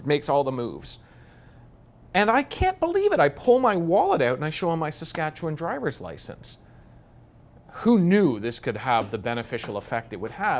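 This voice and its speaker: A man's voice: on the high side, fairly quick. Canadian tv guy telling a wild story, voice going up and down a lot. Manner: animated, dramatic storytelling. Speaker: TV correspondent. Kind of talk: casual storytelling chat.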